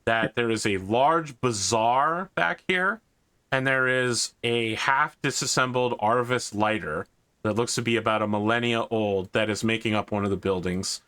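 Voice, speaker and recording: A man's voice: medium pitch, bright, forceful tone, smooth. A man narrating as game master of a tabletop role-playing game, casual and wry. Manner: casual, wry, jumps into quick character voices.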